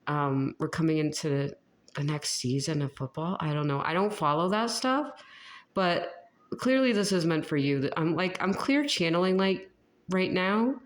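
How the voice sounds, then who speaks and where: A woman's voice: deep voice, animated, moderate pace. A woman talking casually through a tarot reading for viewers, rambling, restarting her sentences and laughing often. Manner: many fillers and restarts. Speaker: tarot reader.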